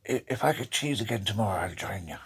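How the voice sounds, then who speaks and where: A man's voice: lowish voice, animated, fast talker, a bit bright, breathy edge, exaggerated voice. A man voicing a resigned Irish builder, without an Irish accent.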